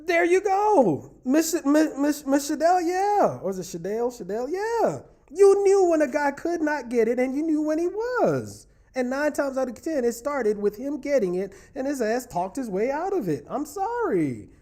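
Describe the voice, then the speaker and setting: A man's voice: extremely high pitch, big pitch swings, normal speed, hardly any pauses, warm tone. A man hosting a relationship talk show, chatting casually and playfully teasing his viewers as he reads their comments. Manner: playful, teasing, talks straight to the audience. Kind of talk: casual livestream chat reading viewer comments.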